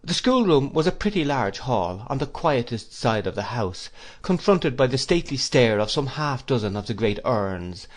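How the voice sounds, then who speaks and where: A man narrating an audiobook in a measured storytelling manner. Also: mid-range voice. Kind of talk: scripted narration.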